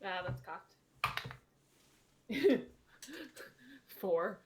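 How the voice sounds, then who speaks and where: A woman's voice: on the low side, lively intonation, very slow, heavy background noise. A woman playing a tabletop game, speaking hesitantly with many ums. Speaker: player. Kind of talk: casual tabletop play.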